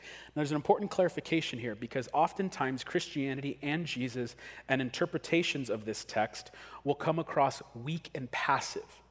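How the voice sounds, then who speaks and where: A man preaching a sermon as pastor, talking casually and acting out quick everyday scenes. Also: medium pitch. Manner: conversational, acts out quick scenes. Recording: long hall reverb.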